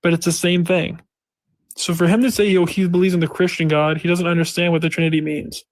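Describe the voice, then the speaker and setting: A man with a slightly raised pitch talks in a casual online debate. He lays out his point slowly, repeating himself step by step. The sound is close and dry. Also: level tone, no room sound. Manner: slow, repetitive explaining, drawing out words. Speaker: debater in a voice chat.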